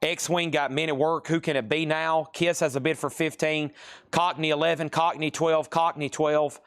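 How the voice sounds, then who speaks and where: A man hosting a live record sale, briskly calling out records, prices and bids. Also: fairly high pitch, level tone, a bit bright, clear, resonant tone. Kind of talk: live auction selling.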